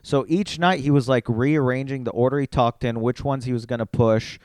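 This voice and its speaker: A man in casual podcast chat tells an animated story, peppering it with "like". His voice is smooth and resonant, at a middle pitch, recorded dry and close. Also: fairly quick, dry recording. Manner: animated storyteller, heavy use of "like". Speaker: comedian.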